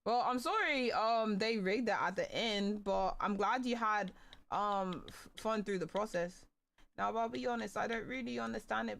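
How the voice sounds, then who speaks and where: A woman's voice: a little high, normal speed, creaky. A playful young woman, chatting casually while gaming and singing along goofily. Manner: playful, sings along to songs, goofy. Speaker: streamer.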